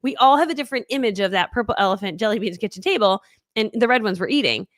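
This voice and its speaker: A bubbly, high-energy woman teaching a live online class, racing through her points. Her mid-pitched voice sounds close and completely dry. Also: lively intonation, fast, a bit bright, no room sound. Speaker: online business coach.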